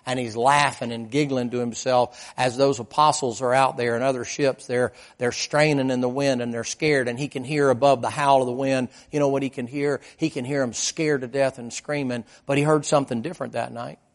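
This preacher talks fairly quickly with few pauses and a steady tone. His sermon mixes vivid folksy storytelling with questions to the congregation, moving between emphatic loud lines and quiet low asides.

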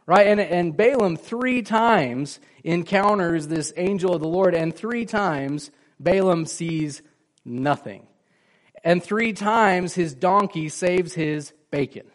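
Pastor, male, slightly high voice, chatty sermon delivery with questions to the congregation. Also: animated, slow. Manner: conversational, asks the congregation questions, acts out quoted lines.

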